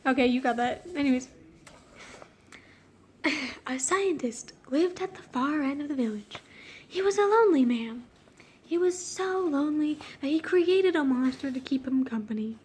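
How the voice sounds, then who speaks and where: A woman's voice: high-pitched, expressive, moderate pace, darkish tone, a little hiss or hum. Giggly woman reading her old story. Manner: giggly, self-mocking, breaks off to laugh. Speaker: reader of her own childhood story. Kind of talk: casual reading with joking commentary.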